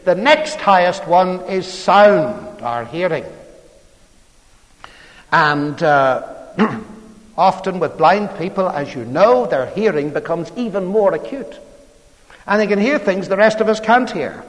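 A man preaches a storytelling sermon in a chatty, conversational way. He keeps tossing rhetorical questions to his listeners. His voice sits fairly high, and a long reverb from the church hall trails behind it. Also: animated, slow pace.

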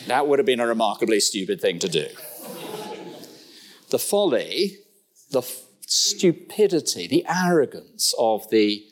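A middle-aged man preaching a sermon in a church, with humorous asides and sudden jumps in pitch. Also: sing-song, a little slow, pauses often.

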